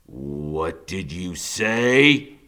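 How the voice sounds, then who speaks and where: A man voicing a hulking, cold grown man who speaks slowly and low. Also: big pitch swings, pushed and bright, heavily acted. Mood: menacing.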